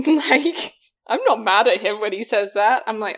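A woman's voice: a little high, unhurried. A woman co-hosting a casual chat, reacting with wry jokes and frequent laughter. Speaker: podcast co-host.

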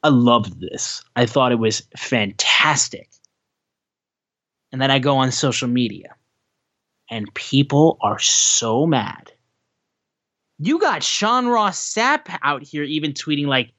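A man co-hosting a casual wrestling podcast, ranting with animated sarcasm. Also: medium pitch, takes it slowly, long pauses, dry recording, muffled recording. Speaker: podcast co-host.

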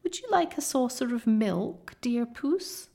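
Nasty storybook creatures taunt in a high, sneering sing-song, as a woman reads them. The voice jumps up high and drags out its mockery slowly. There is a gravelly rasp under the teasing. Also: animated, warm tone, exaggerated voice. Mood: mocking. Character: jeering crowd of evil creatures.

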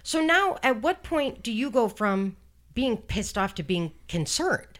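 A woman's voice: a little high, very animated, a little slow. A woman hosting a true-crime podcast, talking through a case in casual, blunt chat and swearing freely. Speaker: podcast host.

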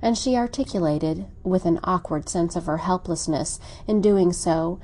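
A woman reading a classic novel aloud as an audiobook narrator, in a measured, unhurried way. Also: on the low side, warm tone.

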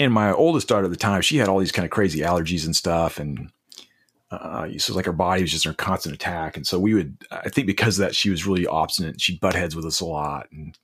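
A man in his forties with a very low, husky voice, speaking close to a dry mic. He tells earnest, halting stories as a guest, often restarting his sentences. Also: a bit bright, dry recording. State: emotional. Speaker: podcast guest. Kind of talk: reflective storytelling.

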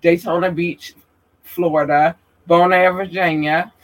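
A man reading out viewers' hometowns one by one, halting with fillers and apologizing for mispronouncing names. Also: fairly high pitch, little pitch movement, a bit bright, low-quality recording. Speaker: streamer giving shout-outs.

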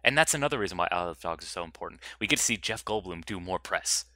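A man co-hosting a film podcast, joking with dry, quick asides. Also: low-pitched, animated, pushed and bright, dry recording. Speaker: podcast co-host. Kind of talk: casual film chat.

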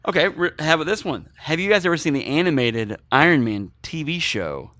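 A man co-hosting a movie podcast, chatting in an animated, joking, rambling way. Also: on the high side, a little fast, no echo. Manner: animated, jokey, rambling with food analogies. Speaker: podcast co-host. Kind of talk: casual movie podcast chat.

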